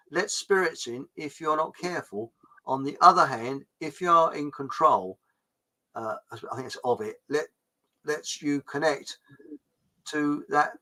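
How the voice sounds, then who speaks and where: Bright-voiced rambling man. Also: a little high, low-quality recording. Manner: rambling, hesitant, full of ums and restarts. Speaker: host. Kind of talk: casual livestream chat.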